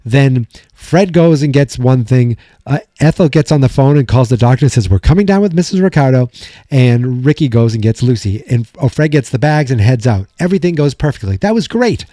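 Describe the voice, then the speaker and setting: Young male podcast host, loose animated recap delivery, warm low-key tone, dry sound. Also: fairly quick, few pauses, dry recording. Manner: rambling, animated retelling with quoted lines. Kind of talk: casual episode recap.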